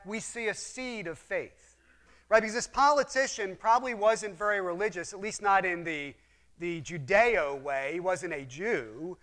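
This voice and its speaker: A man's voice: high-pitched, fairly bright tone. A man teaching a Bible lesson, retelling the story in an earnest manner and asking the listeners questions. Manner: earnest, explains with rhetorical questions. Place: room with a map display.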